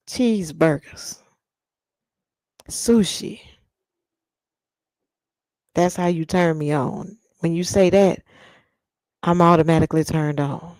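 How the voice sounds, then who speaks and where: A woman's voice: fairly low pitch, a little mellow, dry recording. A woman hosting a casual live chat with viewers, playful and teasing, drawing out lists of food. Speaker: livestream host.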